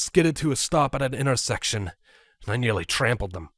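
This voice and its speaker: Expressive male story narrator. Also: mid-range voice, a little fast, no echo, studio quality. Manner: expressive, animated reading. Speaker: fan fiction reader.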